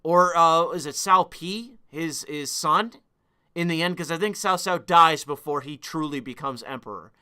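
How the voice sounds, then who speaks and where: A male streamer holding forth on a live stream and snapping back at his chat, swearing as he goes. His voice sits high and sounds bright and sharp. The tone is smooth and clear throughout. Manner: profane, combative, quick to argue with chat.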